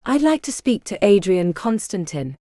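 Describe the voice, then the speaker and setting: A woman's voice: medium pitch, very animated, normal speed, mellow, no room sound, clean studio sound, close to an everyday voice. A woman voicing a cool, ruthless young female mage in an audiobook, curt and commanding.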